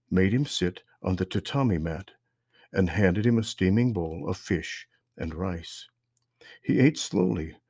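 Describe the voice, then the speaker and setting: Husky-voiced man narrating a story. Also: fairly low pitch, no room sound, clean studio sound. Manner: calm, measured reading. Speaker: podcast host and narrator.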